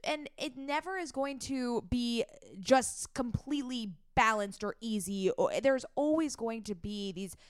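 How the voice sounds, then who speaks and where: A woman's voice: fairly high pitch, measured pace, few pauses, smooth, no echo, studio quality. A woman hosting a podcast, earnest and reflective, often restarting her phrases. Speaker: podcast host. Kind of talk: casual podcast chat.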